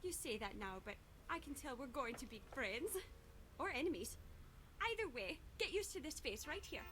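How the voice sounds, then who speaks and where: A woman's voice: high voice, big pitch swings, moderate pace, fairly bright tone, a little hiss or hum. An actress voicing a chatty, overfamiliar young woman in a video game. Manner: bubbly, overfamiliar. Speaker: game character.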